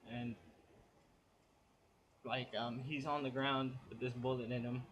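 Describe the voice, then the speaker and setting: A man's voice: mid-range voice, flat delivery, takes it slowly, a bit bright, a little hiss or hum. A man giving a casual spoken comic book review, chatty and rambling as he retells the plot.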